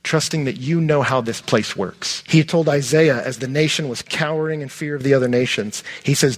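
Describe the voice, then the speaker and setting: A middle-aged man, a pastor preaching a sermon in a conversational, animated way. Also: medium pitch, moderate pace, hardly any pauses.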